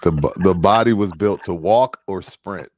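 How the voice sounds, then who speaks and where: A man's voice: low voice, moderate pace, dry recording, studio quality. A man co-hosting a casual sports talk show, blunt and joking. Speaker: co-host.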